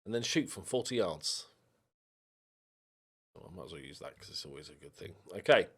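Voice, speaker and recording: A young man with a low, husky voice talks at a normal speed, giving casual let's-play commentary on a football management game as a gaming YouTuber. He's animated, addresses the players on screen directly, and yelps when frustrated.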